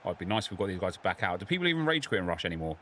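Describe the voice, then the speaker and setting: A man's voice: low voice, racing, slight background noise. A man, casually commenting on his football game while chatting with viewers. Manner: relaxed, chatty, reacting to the match and to viewers. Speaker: gaming streamer. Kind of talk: casual live gameplay commentary.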